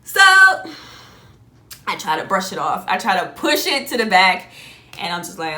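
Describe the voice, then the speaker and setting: A young adult woman telling a personal story in a casual, animated way, often laughing and jumping up high on exclamations. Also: moderate pace, long pauses, echoey room. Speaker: vlogger.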